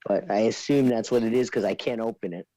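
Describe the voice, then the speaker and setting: A woman's voice: extremely low pitch, quick pace, warm tone, a little hiss or hum. A middle-aged woman chatting casually as co-host, making dry, teasing wisecracks. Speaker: co-host, host's mother. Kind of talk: casual chat.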